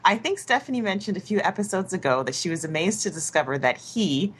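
A woman's voice: on the low side, animated, quick pace, husky. A woman with an English accent reading a listener email aloud, with small restarts and giggles. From England.

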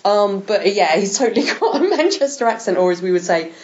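A woman hosts a podcast in a chatty, enthusiastic way, laughing often as she talks. Her voice sits in a middle pitch. The recording sounds a little dull and lo-fi. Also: very animated, a little fast. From England. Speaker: podcast host. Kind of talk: casual chat.

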